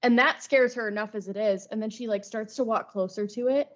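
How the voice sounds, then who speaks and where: A young woman co-hosting a podcast, retelling stories lively in casual chat, sometimes rushing ahead. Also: fairly high pitch. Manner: lively retelling, bursts of speed. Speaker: podcast co-host. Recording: slightly dull lo-fi podcast audio.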